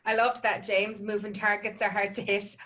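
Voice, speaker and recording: A woman, sharing a warm-hearted anecdote on a video call. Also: medium pitch, level tone, normal speed. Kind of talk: casual chat on video call.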